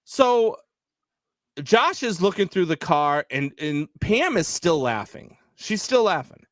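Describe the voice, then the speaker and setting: A male podcast co-host with a high voice takes his time in a casual live sports chat. He's a chatty, animated storyteller who uses many fillers, and the sound is dry and close with no room sound.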